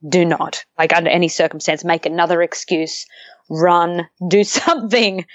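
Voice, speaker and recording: Young woman, casual interview guest, lower voice, dry, slightly dull recording. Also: steady tone, moderate pace, no room sound. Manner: chatty, laughing, acts out quoted voices.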